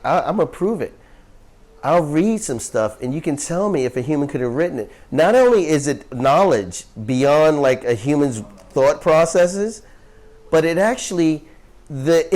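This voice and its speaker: A man's voice: fairly high pitch, darkish tone. A man teaching a group about yoga scriptures in an earnest, emphatic way, often asking questions and laughing easily as he tells stories. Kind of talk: spiritual teaching talk to a group.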